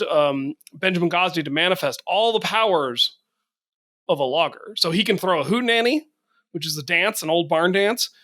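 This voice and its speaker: A man's voice: on the high side, pushed and bright. A man co-hosting a podcast, telling a playful, rambling bit in casual chat. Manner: rambling, playful storytelling with laughs. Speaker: podcast co-host.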